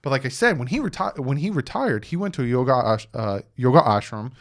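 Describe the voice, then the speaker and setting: A young man hosting his own sports channel, telling a story in a casual, animated way, acting out quotes and tossing in "right?" asides. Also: medium pitch, brisk. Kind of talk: casual sports commentary vlog.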